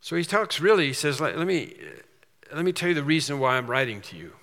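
A man preaching an expository sermon, emphatic, slowing down and repeating phrases for stress. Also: on the high side, sing-song, a bit bright. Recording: long hall reverb.

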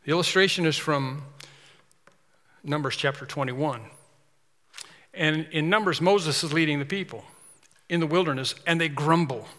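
Male preacher, slightly high, bright forceful voice, emphatic sermon delivery with long hall reverb. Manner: emphatic, repetitive preaching with rising intensity.

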